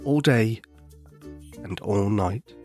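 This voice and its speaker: A man narrating a children's story in a gentle, expressive way. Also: on the low side, takes it slowly, soft background music.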